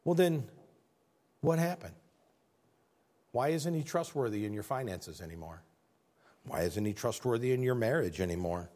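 Guy preaching in church, voice all over the place, gets loud then real quiet. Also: mid-range voice, moderate pace, pauses often. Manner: animated storytelling, swings from loud to hushed. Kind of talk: sermon.

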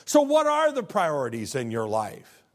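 A man's voice: fairly high pitch, wildly swooping pitch, moderate pace. A middle-aged male pastor preaching a sermon in a conversational way, asking the congregation questions and acting out quotes.

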